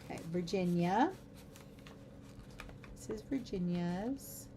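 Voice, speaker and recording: A woman's voice: on the low side, slow, background noise. A middle-aged woman hosting a craft livestream, chatting casually and giggling through rambling asides as she works. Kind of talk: casual chat while crafting.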